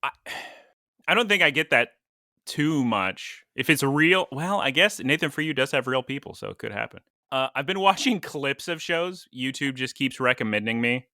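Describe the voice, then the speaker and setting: Bright-voiced playful male podcast host. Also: mid-range voice, expressive, no room sound, clean studio sound. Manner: playful, rambling, quick to laugh. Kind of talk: casual chat.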